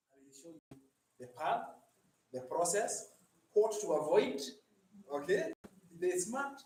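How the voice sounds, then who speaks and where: A man's voice: a little high, darkish tone. Male coach, preachy motivational talk, roomy echo, faint room noise. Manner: preachy, asks audience for agreement. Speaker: digital marketing coach. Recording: echoey room, distant mic.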